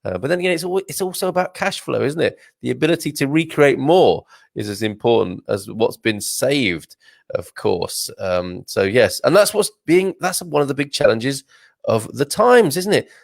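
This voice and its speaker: A man's voice: mid-range voice, animated, normal speed, creaky, no room sound, clean studio sound. A man hosting a casual live stream, chatting in a rambling way, laughing often and restarting his sentences. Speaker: host reading viewer comments.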